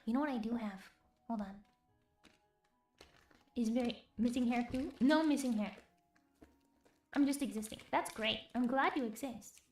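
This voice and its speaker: Whispering woman streamer, whispered role-play. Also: on the high side. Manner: soft whispered chat, giggly, chats with viewers. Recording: roomy with faint music.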